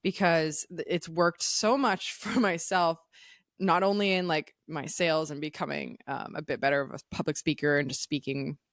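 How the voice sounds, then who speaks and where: A woman's voice: deep voice, fairly even intonation, moderate pace, a bit bright, no room sound, clean studio sound. A woman co-hosting a podcast who coaches clients, talking candidly with "um" fillers. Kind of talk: casual podcast chat.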